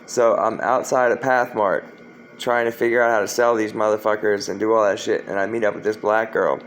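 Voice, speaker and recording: Guy from florida rambling through an old story, swearing a lot, kinda low voice, little hiss behind. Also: little pitch movement, a little fast, low-quality recording. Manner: rambling, profane, frequent fillers and restarts. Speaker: storyteller recounting his past. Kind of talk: casual spoken storytelling.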